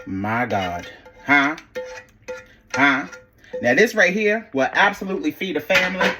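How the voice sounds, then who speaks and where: A man's voice: fairly high pitch, pushed and bright, a little hiss or hum. Chatty man hosting a home cooking tutorial. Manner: chatty, sassy asides, addresses viewers as y'all and honey. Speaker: cooking channel host.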